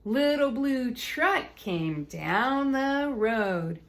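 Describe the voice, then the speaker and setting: Very slow, high-voiced woman reading aloud. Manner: animated storytelling with playful sound effects. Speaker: children's book reader. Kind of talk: reading a picture book aloud.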